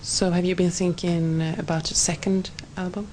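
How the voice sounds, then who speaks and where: A woman with a Swedish accent, a TV interviewer asking questions in a soft, measured way. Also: lowish voice, flat delivery, a little hiss or hum, rough recording.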